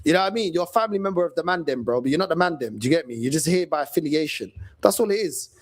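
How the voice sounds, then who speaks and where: A fan channel host with a London accent delivers a casual, rapid-fire rant full of slang and mockery. His voice is high, with pitch leaping around in animated bursts of energy.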